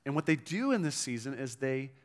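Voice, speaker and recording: A pastor preaching a sermon in a conversational way, checking in with the listeners and reading scripture aloud with emphasis. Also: male voice, mid-range voice, sing-song, fairly quick. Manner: conversational preaching with frequent "right?" and "okay?" check-ins.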